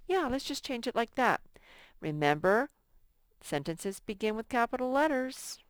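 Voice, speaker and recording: A middle-aged woman teaching a lesson to young children, reading example sentences in a slow, sing-song way. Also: fairly high pitch, big pitch swings, clean tone, no room sound.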